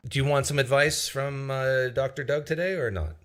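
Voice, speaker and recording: A man hosting a live-stream call-in show, joking with callers in a deadpan, mock-serious way. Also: medium pitch, normal speed. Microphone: video-call style live stream.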